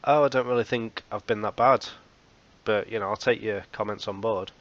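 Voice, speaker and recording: A man's voice: fairly low pitch, steady tone, moderate pace, a bit bright, lo-fi sound, close to an everyday voice. A man doing an offhand young goalkeeper. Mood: dismissive. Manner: vague and offhand. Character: casual, unbothered young male goalkeeper.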